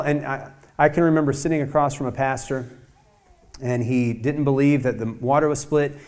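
A man preaching a sermon as a pastor, emphatic, with many rhetorical questions and acted-out quoted voices. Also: darkish tone. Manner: acts out quoted voices, rising and dropping in pitch.

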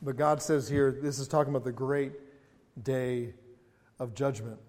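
In the echoing hall of a church sanctuary, a pastor with a medium-pitched, darkish voice and fairly even intonation preaches at a measured pace. His scripture reading rises in emphasis before giving way to joking, chatty remarks.

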